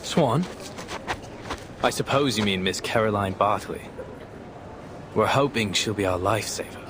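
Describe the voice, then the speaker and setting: An actor playing an overexcited, sleepless young civil servant with theatrical bursts of energy in a game. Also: male voice, lowish voice, background noise, lightly acted. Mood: excited. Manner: excitable, theatrical, fast-talking bursts. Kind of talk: game voice acting.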